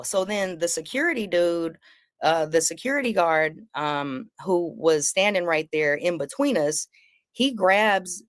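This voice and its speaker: Low-voiced woman telling a wild story. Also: dry recording, studio quality. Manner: acts out quotes with big pitch jumps, swearing freely. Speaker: comedian guest telling a story. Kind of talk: animated storytelling on a live panel.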